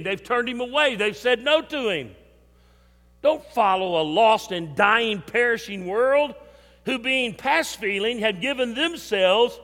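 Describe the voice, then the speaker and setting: An older man preaching a sermon in a church, emphatic, with swings between loud and soft. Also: extremely high pitch. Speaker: pastor. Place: church sanctuary. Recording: long hall reverb.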